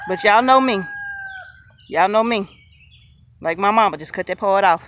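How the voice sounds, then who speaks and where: A woman giving a chatty, excited tour of her outdoor vegetable garden, talking straight to her viewers and laughing easily. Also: medium pitch, moderate pace. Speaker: homesteader showing her garden. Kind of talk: casual garden tour vlog.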